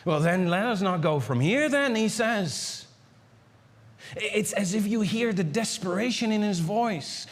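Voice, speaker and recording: A man preaching a sermon as pastor, pleading and repeating himself, swinging between high urgent lines and low hushed ones. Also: animated, a little slow. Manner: pleading, repeats words and restarts. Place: church sanctuary. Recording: long hall reverb in a church.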